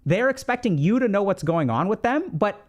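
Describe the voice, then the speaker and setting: A man's voice: sits high, very animated, moderate pace. A man giving casual relationship advice in a conversational way, with frequent fillers and tag questions. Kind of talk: casual explanatory talk.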